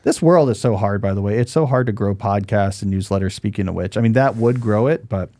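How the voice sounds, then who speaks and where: A man's voice: on the low side, brisk, mellow, no room sound. Guy in his 40s hosting a podcast, chatty, lots of likes and uhs, dry jokes, close dry studio mic. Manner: chatty, dry joking, many fillers and restarts. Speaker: podcast host. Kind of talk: casual podcast chat and advice.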